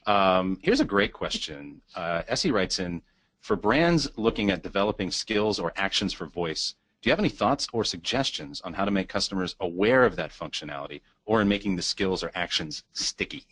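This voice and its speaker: Brief: low male host, crisp forceful tone, reads viewer questions, dry wit. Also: animated, normal speed, no echo. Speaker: host reading audience questions. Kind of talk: webinar Q&A.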